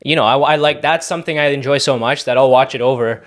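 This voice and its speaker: A man's voice: mid-range voice, quick pace. A man in casual podcast chat, talking enthusiastically and filling his sentences with "like". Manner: enthusiastic, filler-heavy with lots of "like".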